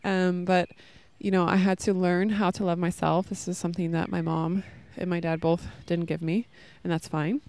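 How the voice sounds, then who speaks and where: Outdoors in a park, with children playing nearby, a woman in her thirties who hosts a podcast gives a casual spiritual talk on love and self-worth, earnest and rambling with many fillers. She speaks at a moderate pace with few pauses, in a level, slightly mellow voice on the low side.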